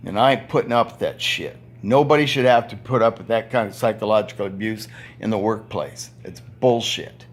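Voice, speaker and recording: A man's voice: on the low side, fairly quick. A man in his seventies, a retired power plant worker, delivering an angry, blunt, profane monologue indoors at home. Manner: blunt, profane, ranting, with heavy swearing. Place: indoor room at home with TV and fan.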